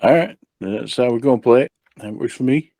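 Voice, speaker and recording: A man playing a tabletop role-playing game, talking quickly and casually at the table. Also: medium pitch, warm tone, no echo. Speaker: player. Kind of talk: tabletop role-play banter.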